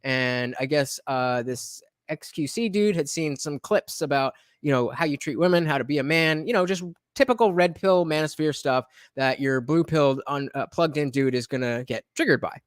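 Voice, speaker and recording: A man's voice: on the high side, normal speed, few pauses, clean tone, dry recording. Streamer host, male, loose rambling commentary, dry close mic. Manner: rambling, frequent fillers and restarts, blunt with swearing. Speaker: streamer reacting to a debate clip. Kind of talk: casual reaction commentary.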